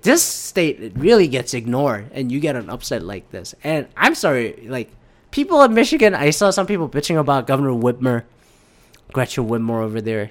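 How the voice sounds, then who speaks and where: A young man vents in a blunt, heavily profane rant, his voice often leaping up in pitch when riled and then dropping low and muttered. He restarts his sentences often and talks in a loose, off-the-cuff way. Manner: blunt, sweary, excitable, with frequent restarts. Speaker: commentator.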